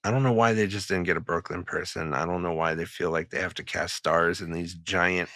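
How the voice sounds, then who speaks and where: A man's voice: deep voice, steady tone, a little fast, a bit bright, no echo, studio quality. A man co-hosting a podcast in casual chat, blunt and swearing freely. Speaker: podcast co-host.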